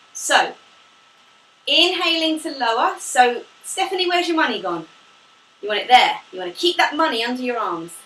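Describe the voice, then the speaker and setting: Woman pilates teacher, high bright voice, echoey room off-mic, faint hiss, upbeat and short of breath. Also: distant mic. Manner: upbeat, demonstrating while talking, laughs often. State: slightly out of breath from exercising. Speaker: pilates instructor. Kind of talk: live online fitness class instruction.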